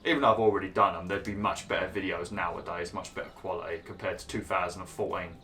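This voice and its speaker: A man's voice: sits low, steady tone, quick pace, sharp tone, a little hiss or hum. Guy, gameplay commentary, cheeky and blunt, chatty. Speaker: gaming video host.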